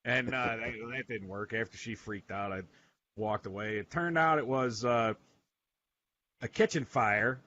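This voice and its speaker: A man's voice: medium pitch, unhurried, bright, forceful tone. A man telling a rambling, profane story in a casual radio chat. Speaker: regular panelist, veteran. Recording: dull lo-fi sound, faint noise.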